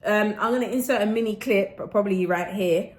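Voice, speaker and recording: Give me a woman vlogging casually at home, animated, slipping into patois. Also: mid-range voice, fairly quick. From Jamaican roots. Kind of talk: casual vlog chat.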